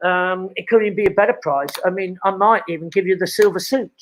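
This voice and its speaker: A man's voice: sits high, quick pace, rough recording. An older man, hosting a live show from his home and chatting at length, rambling with many fillers and restarts. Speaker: host. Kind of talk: casual live chat from home.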